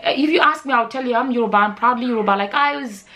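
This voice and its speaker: A Nigerian woman chats through a casual Q&A vlog, switching freely into Pidgin as she tells her stories. Her voice sits fairly high and she talks at a very quick clip. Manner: animated storyteller, slips into Pidgin. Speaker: vlogger.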